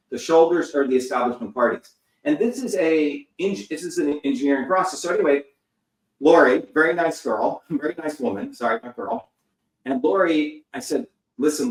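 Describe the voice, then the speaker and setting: A man in his fifties, a guest in an interview, talking in an emphatic, profane, lecturing way. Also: a little high. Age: 50s. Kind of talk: heated interview talk. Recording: roomy sound, distant from the mic.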